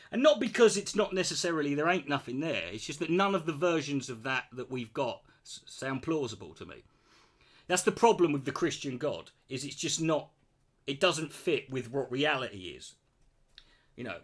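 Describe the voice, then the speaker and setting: A man's voice: fairly high pitch, expressive, normal speed. Profane British man ranting. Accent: British English. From Britain. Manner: blunt, profane, sarcastic. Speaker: streamer answering chat. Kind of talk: casual ranting chat.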